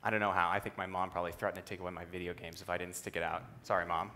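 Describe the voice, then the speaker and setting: A young man giving a talk on a stage, telling a personal story with humor and an animated delivery. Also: fast talker. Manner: animated, humorous, acts out quotes in a lowered voice. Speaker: speaker at a youth conference talk. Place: stage before a live audience.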